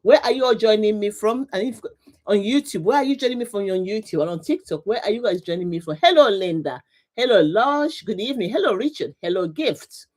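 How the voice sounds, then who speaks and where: A woman's voice: mid-range voice, animated, fairly quick, a little mellow. A middle-aged woman hosting a live motivational talk, speaking emphatically with lots of repetition and laughing often as she greets her viewers. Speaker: livestream host, coach.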